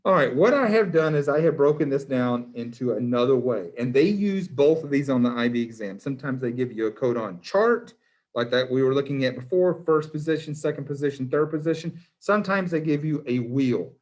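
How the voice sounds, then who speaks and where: A man's voice: mid-range voice, lively intonation, a little fast, darkish tone. A man, a biology teacher in his classroom, quizzing students by name in a playful, encouraging way. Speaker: high school biology teacher.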